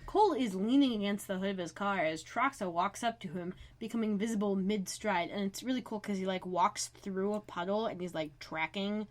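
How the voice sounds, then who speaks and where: A woman co-hosting a podcast, narrating a TV episode in a relaxed, easygoing way. Her voice is mid-pitched and conversational. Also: normal speed, hardly any pauses. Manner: relaxed storytelling, narrates plot beats. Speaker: podcast co-host. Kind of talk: casual recap chat.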